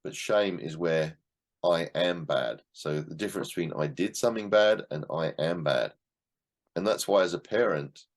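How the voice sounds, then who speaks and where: A middle-aged man leading an online class discussion of a book, in a conversational way, repeating words and acting out short quotes. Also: low voice. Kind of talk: casual teaching talk to an online class.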